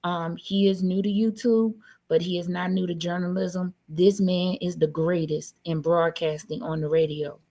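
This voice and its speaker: A woman's voice: on the low side, fairly even intonation, normal speed, hardly any pauses, mellow. A woman hosting a livestream, effusive and upbeat as she talks to her guest and viewers. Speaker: livestream host. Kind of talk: casual chat.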